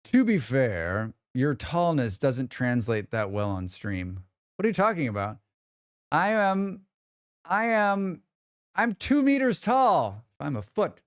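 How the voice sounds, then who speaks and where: A man's voice: a little high, big pitch swings, takes it slowly, clean tone, no room sound, clean studio sound. A man with an American accent, chatting casually on a live stream, rambling and reading his chat aloud. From United States.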